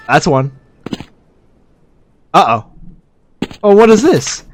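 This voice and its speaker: Male let's-player, jumpy and loud at scares, unhurried between them, very animated voice. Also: fairly high pitch, a little hiss or hum. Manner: excitable, yelps and shouts at scares; quiet muttering to himself. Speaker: gamer. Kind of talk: let's-play commentary.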